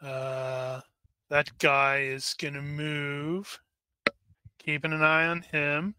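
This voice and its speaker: A man's voice: fairly high pitch, level tone, very slow, sharp tone, smooth, no room sound. A man running a tabletop game as game master, thinking aloud with wry asides.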